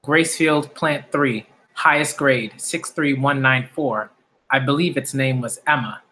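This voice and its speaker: A man's voice: mid-range voice, a little slow, pushed and bright. A man reading aloud the lines of a gleeful, cruel male demon aristocrat who hunts people, smug and relishing each word.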